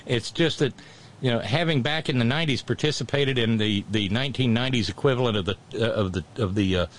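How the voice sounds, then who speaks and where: A man's voice: medium pitch, fast. Guy hosting a talk show, wry, goes off on tangents, mid voice. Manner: wry, digressive, chuckles at his own jokes. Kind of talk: casual political talk.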